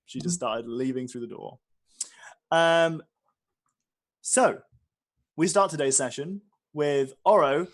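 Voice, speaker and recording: A man's voice: fairly high pitch, takes it slowly, pauses often. A man narrating as game master, rambling with many fillers and restarts. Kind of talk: narrating a tabletop game session.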